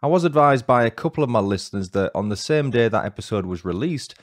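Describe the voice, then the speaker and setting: A man's voice: medium pitch, lively intonation, fast talker, dry recording. A man hosting a true-crime podcast, reading a scripted narration with dry, lightly joking asides. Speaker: podcast host.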